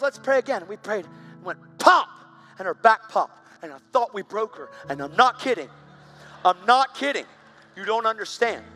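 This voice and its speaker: A man preaching a sermon, telling a story with animated energy and rising to loud, excited bursts. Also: high voice.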